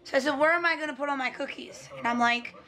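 Family vlogger, woman, high voice, a bit hoarse, chatty and rambling. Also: fast talker, bright, forceful tone. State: slightly hoarse. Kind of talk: casual vlog chat.

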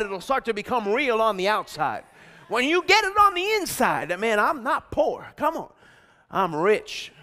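Male preacher, high voice, forceful bright tone, exhorting sermon, middle-aged. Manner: energetic, exhorting, has congregation repeat declarations; shouts out emphatic lines. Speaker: pastor.

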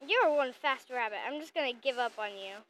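A woman giving casual, excitable commentary while playing a mobile game, chatting constantly to her viewers. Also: sits high, brisk, poor audio. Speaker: gaming channel host.

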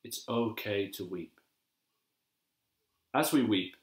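A man giving a gentle, measured devotional sermon as a pastor, slowing down to repeat key phrases. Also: mid-range voice. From England. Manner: gentle, measured and reflective, with slow emphatic repetitions. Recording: echoey room.

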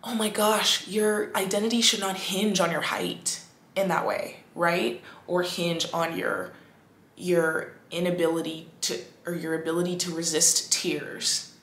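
A woman hosting a podcast, talking in a casual, animated monologue full of "like"s and restarts. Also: lowish voice, a little slow, roomy sound. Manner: animated, chatty, many "like"s and restarts. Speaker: podcast host.

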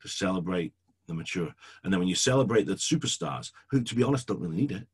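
A man's voice: deep voice, fast, slightly rough. A middle-aged male pastor teaching a sermon to church leaders, emphatic and repetitive in his delivery. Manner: emphatic, repetitive, animated preaching.

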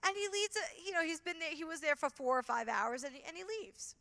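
Animated woman speaking in a reverberant hall. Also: very high voice, fairly quick. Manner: animated, many fillers and restarts. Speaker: conference speaker. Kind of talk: storytelling conference talk.

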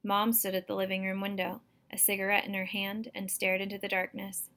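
Speaking briskly in a medium-pitched voice, a woman teacher reads from a novel to her class, telling the story in a steady, expressive way.

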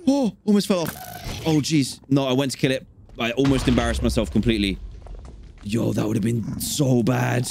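A young man hosting a gaming channel, giving let's-play commentary and swinging between calm chatter and panicked yelps. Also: medium pitch, normal speed, gravelly, a little hiss or hum.

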